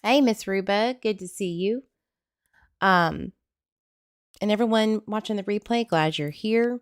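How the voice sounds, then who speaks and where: A woman's voice: medium pitch, a little slow, clean tone, no room sound, studio quality. A woman with a Southern US accent hosting a casual livestream, chatty and jokey as she greets viewers by name. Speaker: livestream host.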